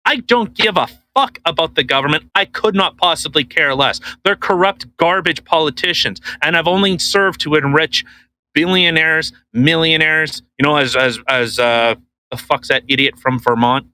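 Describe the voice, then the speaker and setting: On a roughly recorded podcast, a Canadian co-host with a voice on the high side talks at a moderate pace. His casual rant is animated and full of profanity, peppered with mocking impressions.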